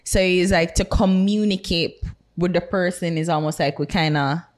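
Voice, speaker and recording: Lower-pitched Jamaican woman, blunt and teasing. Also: normal speed. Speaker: podcast co-host. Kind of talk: casual chat.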